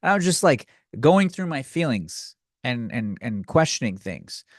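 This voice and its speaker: A man's voice: mid-range voice, very animated, normal speed, no echo, clean studio sound. A young man hosting a comedy podcast, ranting sarcastically and profanely on his own. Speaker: podcast host. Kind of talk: solo comedy rant.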